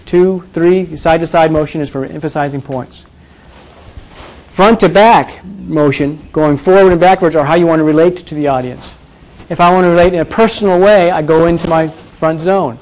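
A man teaching presentation skills to a live audience, energetic and demonstrative, often quizzing the room. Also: on the high side. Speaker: presentation coach. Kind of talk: live workshop talk.

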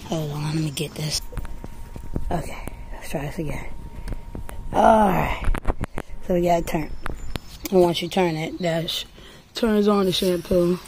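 Woman, casual home reviewer, mellow low voice, chatty, sing-song coaxing of pets, recorded outside. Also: a little slow, pauses often, a little hiss or hum. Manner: chatty, coaxes her dogs in a high sing-song. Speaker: product reviewer.

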